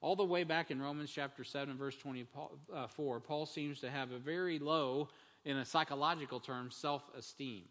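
A man's voice: fairly high pitch, steady tone, moderate pace, a bit bright. A man preaching a Sunday morning sermon as pastor, in a conversational style with frequent restarts and fillers. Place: church sanctuary. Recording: long church-hall reverb.

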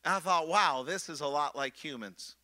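High, bright-voiced male preacher. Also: moderate pace. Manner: impassioned, swings from loud excitement to hushed softness; stammers and repeats words as he builds up. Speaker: pastor. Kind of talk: sermon.

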